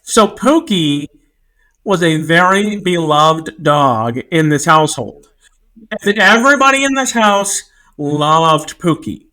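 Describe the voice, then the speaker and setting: Bright, animated male podcast host. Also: on the high side. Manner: animated, quick to chime in with jokes. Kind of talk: casual chat.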